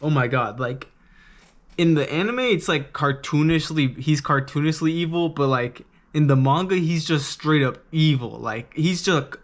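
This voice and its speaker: An excitable man rambles through a casual manga review, swearing freely and leaning on filler words. His voice sits a little high for a man.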